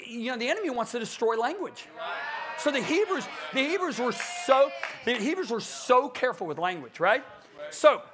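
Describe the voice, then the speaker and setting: A middle-aged man preaching a conference sermon, emphatic and animated, acting out quotes in different voices. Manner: animated, emphatic, acts out quotes with big pitch swings.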